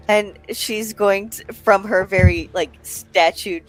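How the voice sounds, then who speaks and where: A woman in a tabletop vampire game who talks very slowly and softly. She describes what her character does. Faint music sits in the background. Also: mid-range voice, rough recording. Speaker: player.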